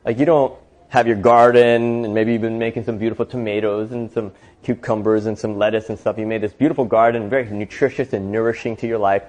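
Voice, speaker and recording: A man hosting an inspirational talk as an animated storyteller, full of casual fillers. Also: on the low side, brisk. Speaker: host.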